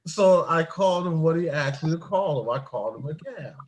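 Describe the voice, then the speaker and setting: A man's voice: fairly high pitch, expressive, a little fast, a little hiss or hum. A man who drives an airport shuttle bus, telling jokey work stories in casual chat and laughing often at his own wordplay.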